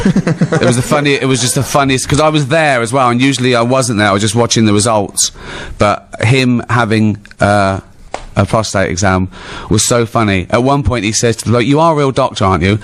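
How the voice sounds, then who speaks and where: A man's voice: medium pitch, steady tone, normal speed, few pauses, background noise. A middle-aged English man with an English accent, a guest telling funny stories in an interview, laughing often, swearing freely and acting out other people's lines. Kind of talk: anecdotal storytelling in a live town hall interview.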